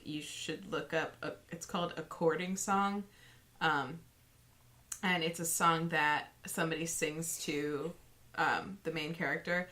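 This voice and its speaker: A woman with a low, bright and forceful voice, chatting casually as a podcast co-host. She rambles through her stories with plenty of fillers and restarts. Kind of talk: casual chat.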